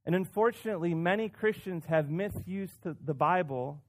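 A man's voice: high-pitched, moderate pace. Male pastor, sermon delivery, casual, repeats words, punches key points. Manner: conversational, self-deprecating, with frequent restarts and emphatic rises.

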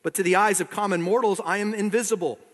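Grand solemn wizard done by a guy, higher pitched, long echo like a big hall. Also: fairly even intonation, fast talker. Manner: solemn pronouncements, then trembling pleading. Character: booming wizard turned timid old man.

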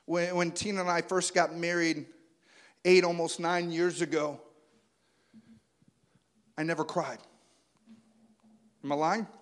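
A man, preaching a sermon that swings between loud urging and quiet, intimate passages. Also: on the high side, flat delivery, takes it slowly, long pauses. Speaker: pastor.

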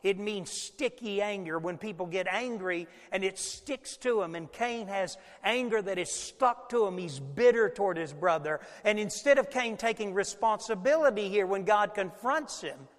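Male pastor, high voice, lively folksy sermon delivery, long hall reverb. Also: normal speed, few pauses. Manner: animated preaching with folksy asides.

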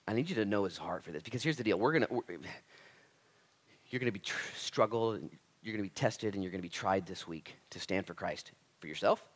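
Impassioned male pastor preaching. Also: sits low. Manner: impassioned, swings from loud emphatic lines to hushed near-whispers; casual slangy address, says "dude" and "man". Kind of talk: sermon.

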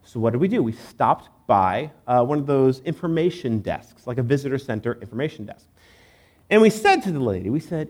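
A man's voice: medium pitch, sing-song, fairly quick, a little mellow. A man giving a sermon in church, conversational and joking, with many fillers. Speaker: pastor.

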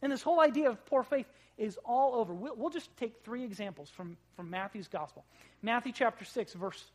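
A pastor preaching a sermon in a conversational, joking way, swinging between loud emphasis and quiet asides. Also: mid-range voice, brisk. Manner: conversational, with jokes and acted-out quotes.

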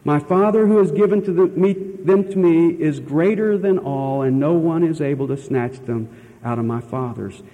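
A man's voice: fairly high pitch, moderate pace, warm tone, big-room sound, poor audio. A man preaching a sermon as pastor, earnest and emphatic, stretching key words and asking the listeners questions. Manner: asks the listeners rhetorical questions.

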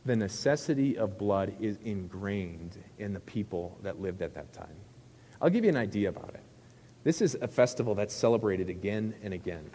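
A man's voice: lowish voice, expressive, moderate pace, warm tone, big-room sound, slight background noise. A middle-aged male pastor preaching a sermon in a conversational, joking way, with rhetorical questions to the crowd.

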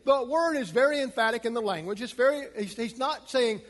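A pastor with a high, light voice presses his points in an emphatic sermon, rising to a preaching pitch with growing force. He speaks briskly with hardly any pauses, and his words ring out with a long reverb, as in a large hall.

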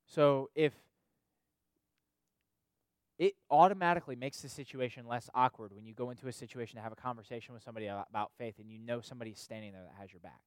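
A man's voice: medium pitch, quick pace, clear, resonant tone, no room sound. A man preaching a sermon in a conversational way, often asking "right?" and repeating himself for emphasis. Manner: conversational preaching, frequent "right?" tag questions and repetitions. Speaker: pastor or youth leader.

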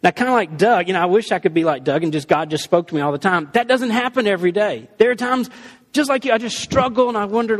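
A man with a high-pitched voice gives a storytelling sermon in a loose, animated, conversational style. He trips over and restarts his phrases as he goes. The sound carries the long reverb of a large hall. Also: quick pace. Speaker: preacher.

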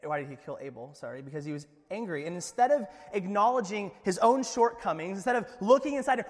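A high-pitched male pastor giving a sermon, breezy and conversational, tossing in jokes and quick asides. His voice rings out with a long hall reverb around it. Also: lively intonation.

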